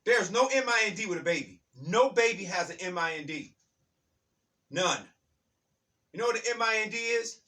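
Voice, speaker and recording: A man's voice: sits high, moderate pace, long pauses, bright, forceful tone, recorded from a distance. A man hosting his own channel, delivering an emphatic, repetitive spiritual monologue that often addresses listeners as "baby". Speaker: channel host.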